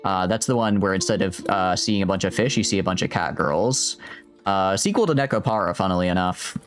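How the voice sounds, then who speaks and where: A man's voice: low-pitched, fairly quick, faint music behind. A man streaming a game, rambling and joking with his chat in casual gameplay commentary. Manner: rambling, jokey, talks to chat.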